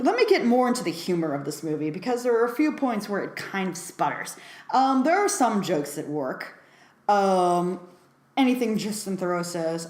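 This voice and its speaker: A woman's voice: mid-range voice, a little mellow, reverberant. A woman giving a casual film review, talking chattily with lots of fillers and frequent laughs.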